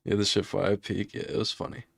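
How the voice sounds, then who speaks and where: Slangy young man, low dry voice. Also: brisk, gravelly, no room sound. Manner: slangy, animated, with spoken sound effects. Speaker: artist streamer. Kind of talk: casual storytelling while drawing.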